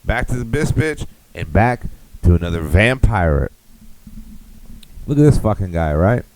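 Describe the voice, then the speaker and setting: A young man with a deep, low voice hosts a podcast and riffs through a crude comic rant. He rambles, swears freely and keeps circling back to the same catchphrase. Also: big pitch swings, measured pace, darkish tone, low-quality recording. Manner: rambling, profane, riffing. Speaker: podcast host.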